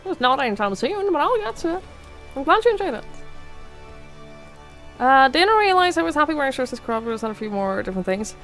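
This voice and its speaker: Woman, game streamer, lively pitch, playful chat. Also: brisk, long pauses, soft background music. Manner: chatty, playful, talks to chat while playing. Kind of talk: casual game livestream chat.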